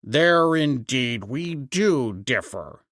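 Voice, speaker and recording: A boastful tribal warrior man, quick to bristle, with a lively rising and falling voice, as a male narrator reads him in a storybook. The delivery is slow and close, with no room sound. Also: mid-range voice, no echo, pitched below the performer's own voice. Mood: defiant.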